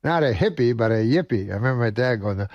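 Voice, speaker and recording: A man telling long stand-up stories in a dry, deadpan way, stalling on uh's and you-knows. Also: medium pitch, fast, lo-fi sound. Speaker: stand-up comedian. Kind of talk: deadpan talk-show storytelling.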